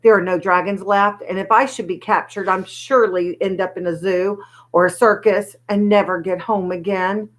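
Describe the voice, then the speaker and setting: A woman doing a gentle baby dragon. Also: mid-range voice, fairly even intonation, moderate pace, lightly acted. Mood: earnest.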